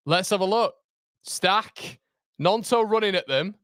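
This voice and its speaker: A young man reacting live to a football match for his fan channel, swinging from groans to excited shouts. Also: sits high, measured pace, dry recording, clean studio sound.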